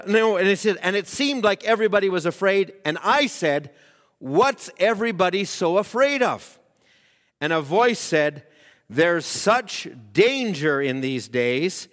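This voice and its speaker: A man's voice: sits high, a bit bright. A male preacher telling a story in a sermon, quoting at length and swelling into emphatic cries. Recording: long reverb of a large hall.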